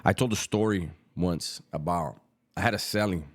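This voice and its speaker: Low-voiced socal guy, middle-aged, slangy laid-back storytelling, drops his voice when quoting people. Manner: street slang, unhurried and reflective, quotes others in a lowered voice. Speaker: former prisoner telling his story. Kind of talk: casual storytelling.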